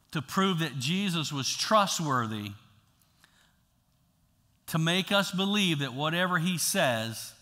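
A pastor preaching a sermon in a casual, talky way, swinging from loud to hushed. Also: male voice, medium pitch. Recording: long hall reverb.

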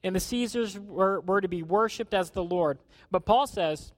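A man preaching a sermon in a conversational way, acting out quotes and dropping to a hushed tone at times. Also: high-pitched, normal speed, no room sound. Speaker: pastor.

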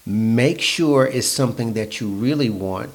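A man in a mid-range voice gives motivational advice to the listener. His delivery is calm and instructive. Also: mid-range voice, a little slow. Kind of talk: motivational talk.

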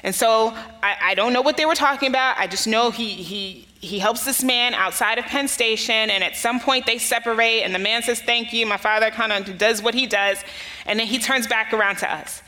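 With a fairly high pitch and a pushed, bright quality, this woman speaks at a moderate pace. She is a US pastor preaching, earnestly telling a personal story with rising emphasis on key phrases, in a recording with long hall reverb.

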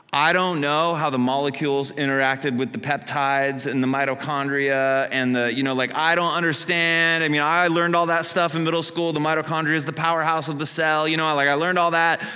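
A man preaching a sermon as a pastor, animated, acting out the story in character voices. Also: a little high, a little fast. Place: church sanctuary. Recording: long hall reverb.

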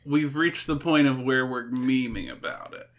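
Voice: medium pitch, normal speed. A player in a casual tabletop game, talking in a playful, giggly way.

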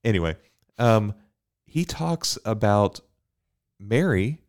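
A man, a priest co-hosting a podcast, talking in a relaxed, thoughtful way with frequent fillers and easy laughs. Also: on the low side, slow pace. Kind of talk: casual faith podcast chat.

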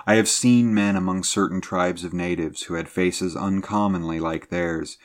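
Deep-voiced man narrating an adventure tale. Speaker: audiobook narrator. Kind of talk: scripted narration of an adventure story.

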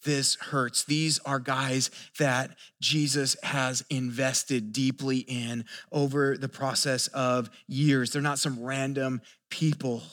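A man's voice: mid-range voice, level tone, takes it slowly, hardly any pauses, fairly bright tone. A pastor preaching a sermon. He talks earnestly, keeps asking rhetorical questions and stumbles over repeated words as he builds each point. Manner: asks the listeners rhetorical questions.

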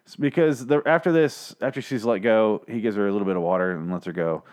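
A man with a fairly low voice recaps a TV episode in loose, casual talk. He swears often and sounds exasperated and sarcastic about the plot. He is talking into a mic in a small home studio. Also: fast talker, darkish tone. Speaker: TV recap podcast host.

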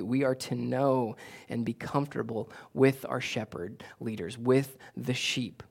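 A man preaching a sermon as a pastor. He repeats key phrases for emphasis, restarts his sentences, and grows louder and higher when he presses a point. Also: steady tone, unhurried, gravelly.

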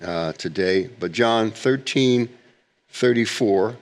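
A man teaching from the Bible in conversation, emphatic and repetitive, reading scripture slowly. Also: on the low side, in a large hall. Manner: emphatic, repeats himself, reads scripture slowly.

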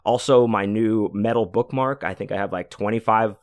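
A podcast host in his forties talks at normal speed in a lowish voice, with no echo on the recording. His casual, meandering story is loaded with fillers and swearing.

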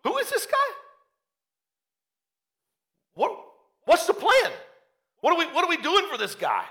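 An eager, incredulous young shepherd, acted out by a man, fires off quick, excited questions. His voice jumps well above the speaker's own pitch. It sounds bright and keyed up throughout. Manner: excited, questioning, rapid-fire.

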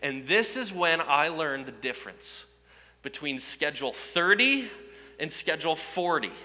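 Bright, sharp-voiced man telling a story. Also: fairly high pitch, measured pace, big-room sound. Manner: animated, self-mocking, asks the audience questions. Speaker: speaker addressing a live audience. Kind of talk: humorous storytelling to an audience.

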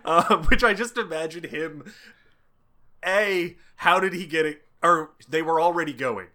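Bright-voiced man recapping a comic. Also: on the high side, a little slow. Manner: retells scenes acting out both sides, laughing. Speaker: podcast co-host. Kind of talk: casual chat.

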